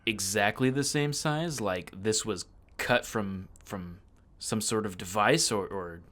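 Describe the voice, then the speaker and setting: A man's voice: on the low side, slow pace, a bit bright. A man playing a tabletop role-playing game, thinking aloud and often repeating words as he asks questions. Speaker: player.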